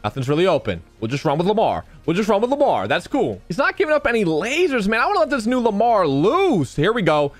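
Young male gamer commentator, high voice with wild pitch swings, cracking and strained, dry close mic. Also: fast talker, few pauses, no echo, faint music behind. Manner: excitable, talks to viewers, repeats phrases. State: voice cracking, losing his voice. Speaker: gaming YouTuber. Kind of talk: live gameplay commentary.

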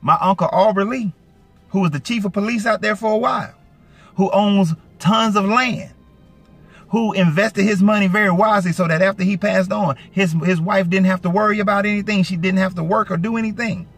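A man from Atlanta with a light Southern accent, giving casual, emphatic commentary to his viewers. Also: fairly quick. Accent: light Southern US (Georgia). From Atlanta, Georgia. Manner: animated, emphatic, swings from low asides to raised indignant peaks. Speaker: YouTube commentator. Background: faint background music.

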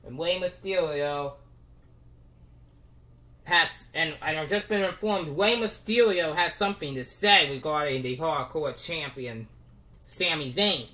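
A commentator calling a home-made toy wrestling show, with halting restarts and bursts of excitement. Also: medium pitch.

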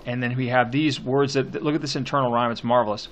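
A man teaching a class on a poem, talking slowly and haltingly with many fillers, stopping to read lines aloud. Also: medium pitch, fairly even intonation, highs cut off. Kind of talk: classroom poetry lecture.

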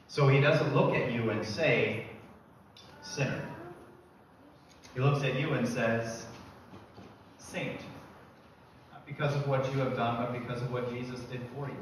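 A man preaching a sermon as pastor, emphatic, building to loud repeated declarations. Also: mid-range voice, slight background noise. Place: church sanctuary. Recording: echoey church from a distance.

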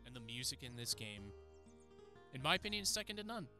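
A man's voice: mid-range voice, sing-song, fast talker, sharp tone. A man hosting a let's play, commenting on the game in an enthusiastic, chatty way. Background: game music.

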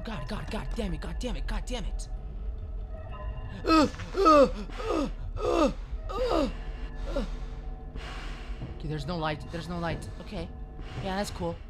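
A man streaming a horror game live, commenting loudly in a panicky, profane way and shouting at the game. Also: sits high, sing-song, measured pace, pauses often, over music. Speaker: gaming streamer.

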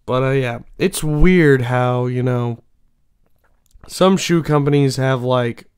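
A man's voice: medium pitch, takes it slowly, darkish tone, clean tone. A young man hosting his own show, chatting casually in a rambling way with lots of fillers and restarts. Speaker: show host. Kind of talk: casual solo chat.

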